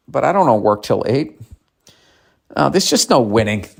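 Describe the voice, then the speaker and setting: A man's voice: mid-range voice, sing-song, normal speed, creaky, long pauses. Profane, sardonic male podcast host. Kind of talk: ranting monologue, reading listener mail.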